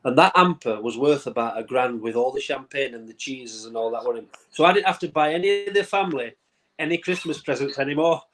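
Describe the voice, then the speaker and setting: A man in his fifties from England talks over a video call from a small room at home. He tells his stories in a loose, chatty way, laughing often and doubling back on his words. His voice sits at an ordinary middle pitch. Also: fairly quick, fairly bright tone, rough recording. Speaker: former goalkeeper, guest. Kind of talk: casual interview chat. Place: brother-in-law's man cave at home.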